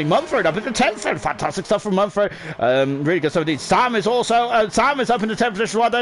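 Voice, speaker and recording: A very high-voiced man calls a sim race live, his talk packed with fillers and tag questions. He jumps into excited shouts whenever a car hits the wall. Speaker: esports race commentator.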